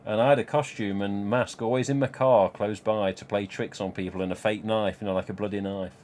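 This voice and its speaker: Rambling low-voiced man. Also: steady tone, brisk, a little mellow, a little hiss or hum. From Nottingham, England. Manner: rambling, swears freely, laughs at own jokes. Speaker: live stream host. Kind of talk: casual storytelling chat.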